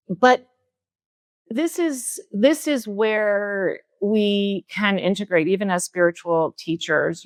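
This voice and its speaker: A middle-aged woman speaks casually as a spiritual teacher telling a personal story. She acts out the quoted lines with sudden jumps up in pitch. The sound is dry and close, with no room echo. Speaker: spiritual teacher and podcast host.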